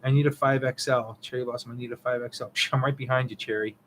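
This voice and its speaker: A man's voice: mid-range voice, steady tone, fast talker, a bit bright, a little hiss or hum, rough recording. A man co-hosting a live Q&A, casually reading viewer comments and chatting in a laid-back way. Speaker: co-host of a witchcraft livestream Q&A.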